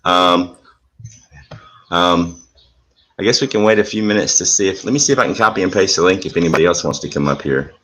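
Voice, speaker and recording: A man with a low, deep voice hosts a casual livestream. He is easygoing and jokey, and a little scattered as he juggles things. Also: a little fast, pauses often, a bit bright, a little hiss or hum, rough recording. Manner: joking, easygoing, a bit scattered. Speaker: livestream host.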